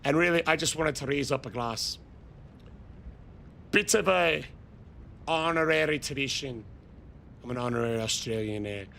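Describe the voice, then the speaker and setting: A man streaming a game live, loudly toasting and thanking his chat with shouted cheers. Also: mid-range voice, normal speed, vocal fry, pauses often, slight background noise. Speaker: gaming streamer.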